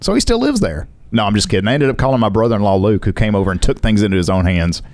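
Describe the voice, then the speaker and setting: A man in his fifties co-hosting a comedy talk show, laughing often and firing back quick quips. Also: on the low side, steady tone, a little mellow. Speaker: co-host. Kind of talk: comedic banter.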